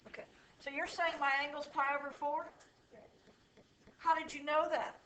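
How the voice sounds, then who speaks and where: A woman teaching math to a class, explaining slowly and checking often that students follow. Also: high-pitched, little pitch movement, a bit bright. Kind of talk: classroom lecture. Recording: echoey room from far off.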